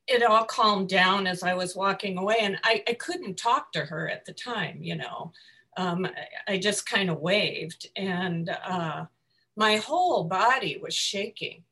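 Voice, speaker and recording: A woman telling a personal story in a group discussion, full of fillers and restarts, with soft laughs between phrases. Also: mid-range voice, takes it slowly.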